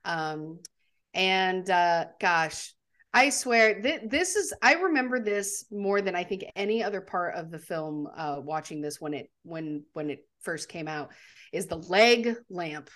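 A woman co-hosting a casual movie discussion podcast, animated and laughing often. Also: lowish voice, measured pace. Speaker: podcast co-host.

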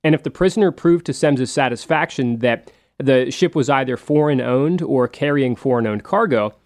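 At a normal speed and medium pitch, a male history show host tells his story in a relaxed, conversational tone. His narration is sprinkled with frequent fillers and asides.

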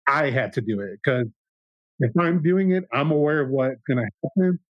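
A man's voice: mid-range voice, lively intonation, moderate pace, dry recording. A man in his thirties, a podcast guest, telling a candid personal story in an earnest, reflective way, often restarting his sentences. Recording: dull lo-fi sound.

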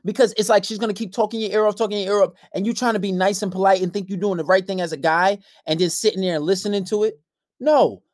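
A man's voice: high voice, steady tone, rapid-fire, hardly any pauses, no room sound, clean studio sound. Brash, profane young man ranting. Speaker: podcast host. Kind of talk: casual dating-advice podcast rant.

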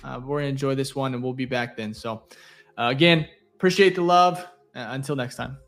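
A man's voice: medium pitch, a little fast, faint music behind. Laid-back man hosting a sports podcast. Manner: relaxed, thankful, rambling with fillers. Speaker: podcast co-host. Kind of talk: casual sports podcast sign-off.

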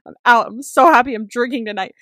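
A young woman co-hosting a podcast, telling stories in an animated way, swearing freely and laughing often. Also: on the high side, fast, dry recording, studio quality. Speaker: podcast co-host. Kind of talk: casual chat.

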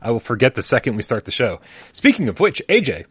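A male podcast host who talks with a lively, swooping pitch and a joking, rambling manner. His voice is close and dry, with no room sound. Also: fast talker, slightly rough, no echo. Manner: animated, joking, rambling asides. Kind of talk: casual live show banter.

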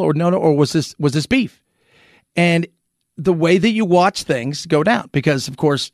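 A man hosting a commentary show, talking through the news in an animated, rhetorical way, often restarting his sentences. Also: a little high, vocal fry, no echo, studio quality.

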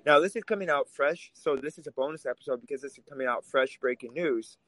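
A man's voice: mid-range voice, fast talker, fairly bright tone, no echo, low-quality recording. Heated man. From Russia. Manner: heated, emphatic, swears when angry. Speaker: podcast co-host. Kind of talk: political podcast talk.

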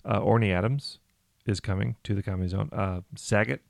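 A man's voice: lowish voice, fairly even intonation, fairly quick, vocal fry, dry recording. A man co-hosting a comedy club podcast in casual chat, joking dryly and plugging upcoming shows. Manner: dry, joking, plugs shows. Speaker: podcast co-host.

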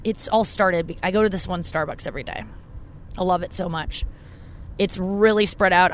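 A woman's voice: fairly low pitch, a bit bright, slight background noise. A young woman hosting her podcast, rambling in a casual, chatty monologue with frequent swearing. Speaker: podcast host.

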